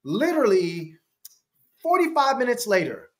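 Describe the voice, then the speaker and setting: A man telling a story as a podcast guest, animated and laughing, jumping in pitch to act out quotes. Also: normal speed. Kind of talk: casual storytelling.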